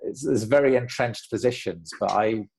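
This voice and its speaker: A man who is an author, speaking as a guest in a conversational interview in a measured, reflective way. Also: mid-range voice, creaky, darkish tone, slight background noise.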